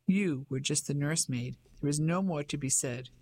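A man reading aloud, voicing a contemptuous, threatening man who speaks slowly and coldly. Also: a little high, a little mellow, no room sound, natural voice. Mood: menacing. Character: menacing lean man, contemptuous and cold.

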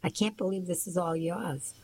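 A woman narrator voicing a polite, curious woman visitor with a gentle, slightly lifted voice. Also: on the low side, steady tone, normal speed, a little hiss or hum, lightly acted.

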